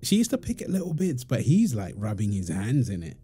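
A man's voice: medium pitch, huge pitch swings, brisk, mellow. A man doing a whispered role-play as a young father, teasing and playful, slipping into baby talk. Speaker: audio role-play performer.

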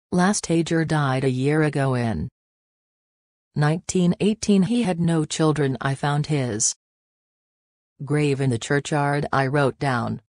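A woman reading a storybook aloud with a low, slow voice. Her delivery stays steady and unhurried, and the sound is close and dry with no room around it. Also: dry recording. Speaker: narrator. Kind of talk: storybook narration.

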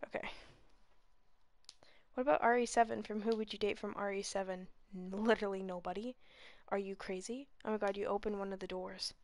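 A woman streaming a game live, excitable and shouty, swearing often. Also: medium pitch, fairly quick, no room sound. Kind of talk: live gameplay chat.

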